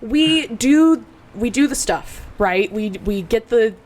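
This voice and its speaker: A young adult woman, a podcast guest, telling a story in a casual, animated way with frequent fillers and swearing. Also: a little high, takes it slowly.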